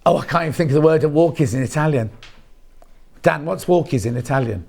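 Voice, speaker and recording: A man hosting a live shopping channel, chatty and jokey and quick to laugh. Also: on the high side, creaky, darkish tone.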